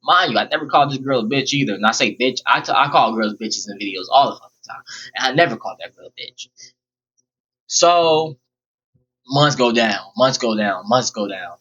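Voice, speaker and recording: A man's voice: mid-range voice, animated, brisk, sharp tone, slightly rough, dull audio. A young man rambling bluntly and profanely through a personal storytime vlog. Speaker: vlogger. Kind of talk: casual storytime monologue.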